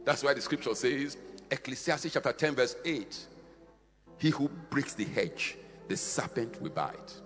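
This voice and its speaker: A man preaching a fiery sermon, swinging between shouted, half-sung peaks and quieter, slower stretches. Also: mid-range voice, expressive, long reverb tail, faint music behind.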